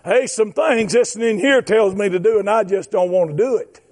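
A man preaches a fervent sermon. His voice sits very high for a man, and he shouts and stretches out his emphatic lines. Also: moderate pace.

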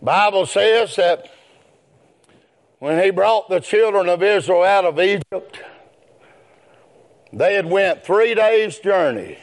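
Preacher man, high voice swinging all over, slow and hollering. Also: lively intonation. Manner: chanting preaching that swells into shouts. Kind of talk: sermon.

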